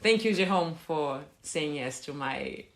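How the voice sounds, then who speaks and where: A woman's voice: deep voice, expressive, measured pace. A woman from Brazil hosting a podcast interview, nasal from a cold, speaking with eager enthusiasm. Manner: enthusiastic, repeats words for emphasis. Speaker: podcast host. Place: guest's home on an island.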